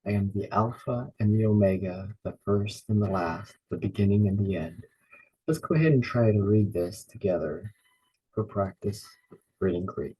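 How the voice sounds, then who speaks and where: A man's voice: on the low side, moderate pace, mellow, husky, low-quality recording. A man teaching a beginners' lesson on Bible Greek, carefully repeating each word and spelling names out letter by letter. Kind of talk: slow, patient pronunciation lesson.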